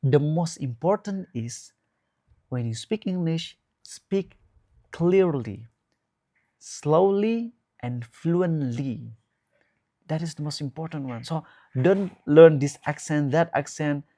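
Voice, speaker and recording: Male Islamic teacher, Indonesian accent, unhurried drawn-out delivery, friendly guest tone. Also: on the high side, warm tone. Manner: measured, drawn-out emphatic phrasing with frequent restarts. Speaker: ustadz guest giving advice. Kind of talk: relaxed preaching talk.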